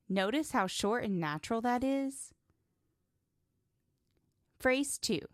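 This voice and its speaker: A woman hosting an English lesson podcast, giving scripted narration with deliberate emphasis. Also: fairly high pitch, lively intonation, dry recording, studio quality. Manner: deliberate, emphatic teaching delivery. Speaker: English teacher, podcast host.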